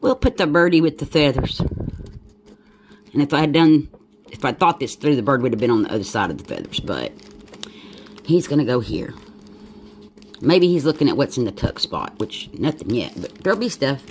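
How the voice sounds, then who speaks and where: A woman's voice: extremely low pitch, sing-song, normal speed, pauses often, a little mellow, slight background noise. A woman with a Southern accent chatting casually while making a journal at home, thinking aloud and wandering off into asides. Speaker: crafter demonstrating a journal. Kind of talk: casual crafting chat.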